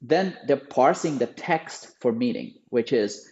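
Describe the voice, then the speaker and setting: A man's voice: medium pitch, animated, a little slow, hardly any pauses, darkish tone, lo-fi sound. A man guesting on a podcast, explaining his field emphatically with frequent restarts and repeated words. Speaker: guest, voice AI company founder. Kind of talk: podcast interview.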